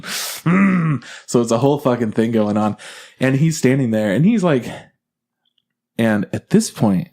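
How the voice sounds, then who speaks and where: Animated young man telling a work story. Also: medium pitch, brisk. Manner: animated, swearing, acts out quoted voices. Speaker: podcast co-host. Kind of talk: casual chat, storytelling.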